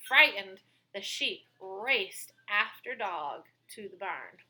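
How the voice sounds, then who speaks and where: Woman reading a kids story aloud, slow and sing-songy, high voice. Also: lively intonation, pushed and bright, a little hiss or hum, poor audio. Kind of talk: reading a picture book aloud.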